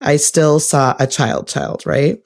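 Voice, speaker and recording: A middle-aged woman co-hosting a podcast, chatting casually and reacting quickly to her co-host. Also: low voice, vocal fry. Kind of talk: casual conversation.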